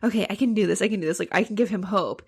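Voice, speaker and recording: A woman voicing a nervous young boy who works up the courage to comfort a soldier, in an earnest, halting way. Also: mid-range voice, slightly rough. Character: nervous young boy trying to give hope.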